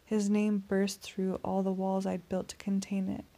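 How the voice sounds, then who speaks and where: A woman narrating a first-person audiobook in a steady, tense storytelling voice. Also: medium pitch, a little slow, vocal fry.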